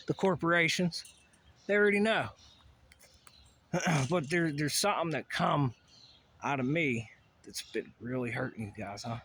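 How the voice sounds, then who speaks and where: Man, rambling solo rant, profane and agitated, fairly high voice, faint background noise. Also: a little slow, pauses often, a bit bright. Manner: profane, agitated ranting with many asides. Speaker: vlogger.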